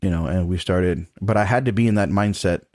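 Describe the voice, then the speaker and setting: Deep-voiced guy, middle-aged, loose candid storytelling, cusses a bit, dry sound. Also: fairly quick, a little mellow, no echo. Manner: frank and casual, swears freely, laughs between points. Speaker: trombone professor, podcast guest.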